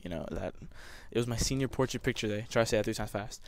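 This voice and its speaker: A man's voice: fairly low pitch, fast, vocal fry, slight background noise. A young man telling a personal story over gameplay commentary, emotional and rambling, with many restarts. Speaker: gamer.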